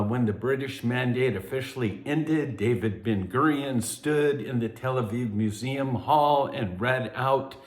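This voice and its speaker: A man hosting a news commentary, measured and emphatic, dropping low and soft on key phrases. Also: reverberant. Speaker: host of a news commentary update. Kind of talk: news commentary with scripture references.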